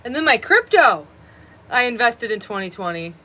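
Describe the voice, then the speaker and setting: Bright-voiced chatty woman streaming. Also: on the high side, big pitch swings, moderate pace. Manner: rambling, chatty, many fillers of "like". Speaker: live streamer. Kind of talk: casual live stream chat.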